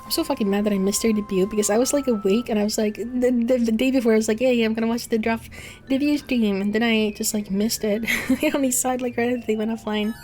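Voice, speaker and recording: A woman's voice: fairly high pitch, steady tone, quick pace, a little mellow, faint music behind. A woman VTuber chatting casually on a livestream, rambling and swearing often, laughing between thoughts. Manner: rambling, profane, frequent laughs. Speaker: VTuber streamer.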